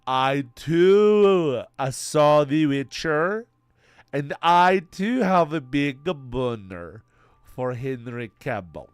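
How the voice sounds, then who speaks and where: A gushing young woman, high and loud, with slow, drawn-out words, as a stuffy-nosed man puts her on. The voice sits well above his own and comes through dry and close. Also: expressive, smooth, no echo. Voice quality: stuffy nose.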